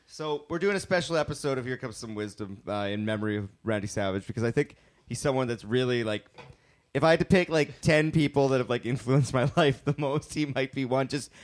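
A man's voice: medium pitch, a little fast. A young man hosting a casual podcast chat, rambling with lots of fillers and laughing mid-sentence. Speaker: podcast host.

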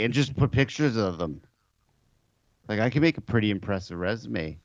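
A man's voice: lowish voice, lively intonation, moderate pace, long pauses, dry recording, lo-fi sound. A man co-hosting a podcast, chatting casually and joking with laughter. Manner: joking, laughing while talking. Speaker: podcast co-host. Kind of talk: casual chat.

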